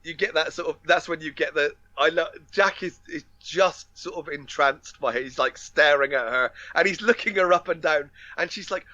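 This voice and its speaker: A man with a bright, slightly tense voice, pitched a little above the usual male range, talking through a film scene by scene. He stumbles, restarts and laughs as he goes. The sound is dry and a bit dull, like a lo-fi home podcast mic. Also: moderate pace, hardly any pauses, no echo. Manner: rambling retelling with many fillers and restarts, laughing often. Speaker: podcast co-host. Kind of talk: casual film recap chat.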